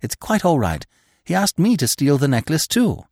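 A man reading the lines of a determined young woman, speaking briskly and impatiently in his own voice. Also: fairly high pitch, huge pitch swings, darkish tone, no echo, clean studio sound, pitched above the performer's own voice, exaggerated voice.

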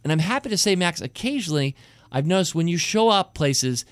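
A man's voice: fairly high pitch, expressive, fairly quick, no echo. A middle-aged man hosting a podcast, chatting enthusiastically with rambling asides. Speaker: podcast host. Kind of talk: casual podcast chat.

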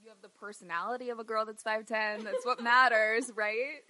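A woman's voice: on the high side, steady tone, moderate pace, a crowd in the background, low-quality recording. A woman hosting a casual podcast interview, who giggles and asks rambling questions. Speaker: podcast host.

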